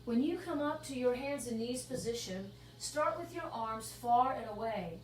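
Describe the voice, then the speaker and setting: A woman pilates instructor guiding a workout class and counting out the moves in a steady rhythm. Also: on the high side, moderate pace. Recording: echoey room, mic at a distance, faint hum.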